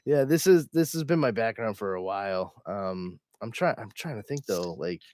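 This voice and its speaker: A man's voice: fairly low pitch, lively intonation, normal speed, a little mellow, slight background noise. Rambling, laughing man podcast host. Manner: rambling, many restarts and laughs. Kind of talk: casual podcast chat.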